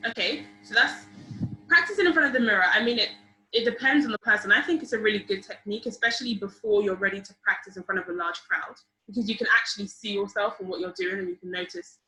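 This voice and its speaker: A woman's voice: medium pitch, fast talker. Encouraging young woman teaching on a video call. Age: young adult. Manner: lively, encouraging, asks the group questions. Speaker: public speaking workshop leader. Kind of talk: online seminar teaching. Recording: roomy video call audio.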